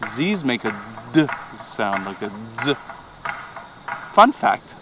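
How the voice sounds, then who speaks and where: Playful Italian man, lively pitch. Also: takes it slowly, noisy background. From Italy. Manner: jokey, playful, imitates animal noises. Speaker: language instructor. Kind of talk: casual chat.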